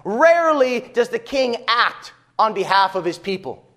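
A man's voice: sits high, big pitch swings, a little slow, bright, forceful tone. A man preaching a sermon as pastor, emphatic and rhetorical, repeating phrases for weight.

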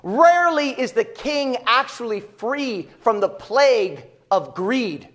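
Male pastor, sermon, high voice, slow deliberate delivery, emphatic repetition. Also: lively intonation, fairly bright tone. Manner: emphatic preaching with rhetorical repetition.

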